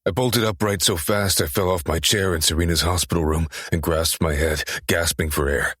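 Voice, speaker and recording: Male first-person narrator, deep and husky, intense and urgent. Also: fairly even intonation, normal speed, fairly bright tone, no room sound, studio quality. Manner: intense, profane, urgent delivery. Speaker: audiobook narrator.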